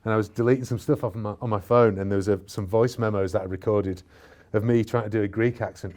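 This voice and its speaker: A man's voice: fairly low pitch, a little fast, hardly any pauses. A man with a Yorkshire accent talking animatedly in a casual interview, often restarting and joking at his own expense. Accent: Yorkshire (Bradford). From Bradford, England. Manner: animated, restarts often, self-mocking asides. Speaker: actor, interview guest.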